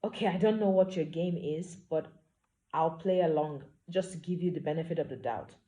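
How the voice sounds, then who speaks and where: A woman's voice: low-pitched, moderate pace, warm tone, lo-fi sound, close to an everyday voice. A woman voicing a spirited young woman who talks bluntly and sounds exasperated.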